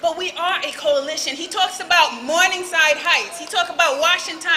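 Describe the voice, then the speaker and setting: A woman's voice: very high-pitched, moderate pace, sharp tone, slight background noise, poor audio. A woman giving a rousing political speech at an outdoor street rally, calling out to the crowd. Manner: rousing call-and-response with the crowd.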